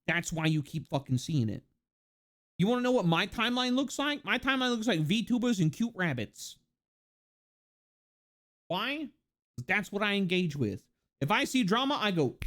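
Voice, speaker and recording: Lively, rambling live-streamer ranting casually. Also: medium pitch, normal speed, long pauses. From United States. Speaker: livestreamer.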